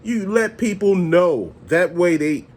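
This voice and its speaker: A man hosting a casual vlog, ranting in an animated, profane, conversational way and often laughing as he talks. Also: sits high, takes it slowly. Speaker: toy channel host.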